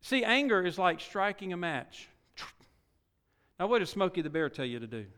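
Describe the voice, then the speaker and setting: A middle-aged male pastor preaching with a high, bright, clear voice. His folksy delivery is full of rhetorical questions and drops to quiet asides before rising to loud exhortation. The long reverb of a large church hall trails every phrase. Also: sing-song, moderate pace. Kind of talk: sermon.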